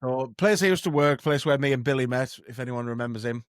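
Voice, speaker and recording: Man, podcast host, wry self-mocking chat, mid pitch, dry sound. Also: fast, no echo. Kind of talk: casual chat.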